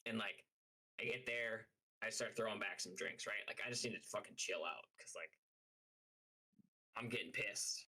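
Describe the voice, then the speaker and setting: A man's voice: fairly low pitch, moderate pace, bright, forceful tone, breathy edge, low-quality recording. A man streaming live, telling a story as a heated, profane rant full of fillers. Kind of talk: casual livestream rant.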